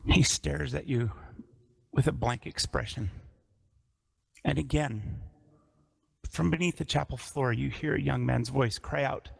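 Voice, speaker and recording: Gravelly-voiced man running a tabletop game. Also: mid-range voice. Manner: descriptive, measured narration. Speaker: dungeon master.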